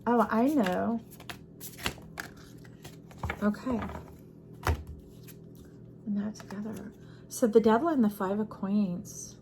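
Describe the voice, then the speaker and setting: A woman's voice: mid-range voice, slow pace, long pauses, mellow, slight background noise. A woman giving an intuitive tarot reading, speaking expressively and repeating phrases for emphasis. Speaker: tarot reader.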